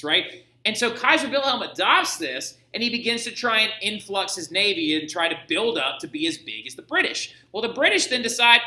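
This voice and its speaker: A male history teacher giving a lecture in an animated, jokey and digressive way. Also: high-pitched, normal speed, roomy sound, poor audio. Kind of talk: recorded classroom lecture.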